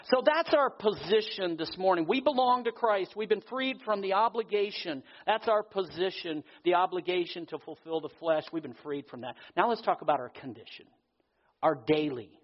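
A man preaching a sermon as pastor, earnest, slowing down for emphasis. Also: sits high, animated. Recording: dull audio with long hall reverb.

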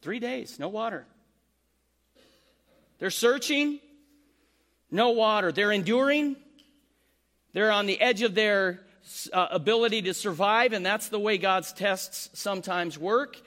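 A man preaching a sermon, animated, acting out the complaints he quotes. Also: sits high, a little slow. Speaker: pastor.

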